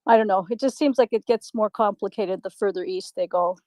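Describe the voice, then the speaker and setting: A woman's voice: mid-range voice, a little fast, dark tone, no echo. A woman calling in to a live online audio chat, new to it and speaking tentatively. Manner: tentative, hesitant. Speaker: caller.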